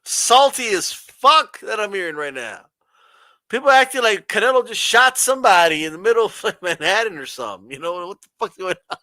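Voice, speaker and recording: A man's voice: high-pitched, sing-song, brisk, bright, forceful tone, no echo. A man hosting a boxing channel, ranting sarcastically with profanity and frequent laughs. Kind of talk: sarcastic commentary rant.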